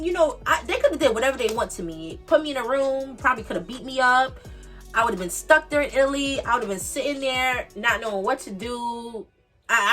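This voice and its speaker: A woman in her twenties from the Bronx, New York, with a New York accent, telling a storytime tale in an animated, emphatic way and repeating her points. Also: a little high, far from the mic. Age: 20s. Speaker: vlogger. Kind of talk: casual storytime monologue.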